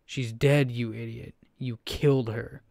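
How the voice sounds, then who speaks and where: A man narrating a story and putting on a grieving, furious old man in his seventies who shouts and sobs. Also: mid-range voice, flat delivery, moderate pace, dry recording, clean studio sound, close to an everyday voice. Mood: bitter. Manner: shouting, sobbing accusations.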